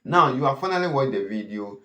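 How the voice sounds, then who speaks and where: A man's voice: mid-range voice, expressive, fairly quick, fairly bright tone. Echoey man asking himself "what?". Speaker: host of a cyber safety channel. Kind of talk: warning talk to camera. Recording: echoey room.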